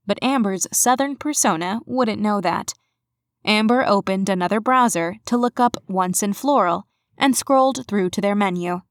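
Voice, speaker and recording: A woman reading a novel aloud as an audiobook narrator, steady and expressive. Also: medium pitch, no room sound, clean studio sound.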